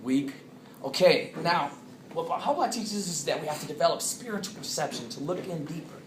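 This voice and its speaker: A man giving an animated talk to a live audience in a coffeehouse, drawing answers from the listeners. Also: fairly high pitch, fairly quick, slight background noise. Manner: animated, draws answers from the crowd. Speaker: speaker. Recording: echoey room with loud ambience.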